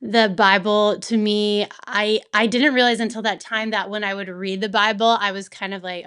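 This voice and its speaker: A woman in an interview, talking candidly and reflectively with frequent soft laughs. Her voice is smooth and clear, pitched in the middle range. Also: steady tone, moderate pace, few pauses. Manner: open, reflective, laughs often while talking. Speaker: author and guest.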